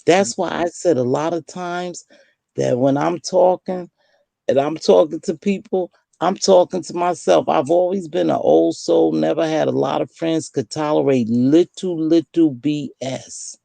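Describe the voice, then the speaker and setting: A woman in her sixties hosting a casual late-night chat, telling lively stories and acting out the voices she quotes. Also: low voice, measured pace, creaky, no room sound. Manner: lively storyteller who acts out quoted voices. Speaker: host.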